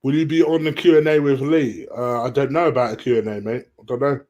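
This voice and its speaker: A man hosts a relaxed live stream and answers viewer questions as he goes. He talks in a loose, chatty way at a middle pitch. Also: fast talker, muffled recording. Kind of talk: casual live stream chat.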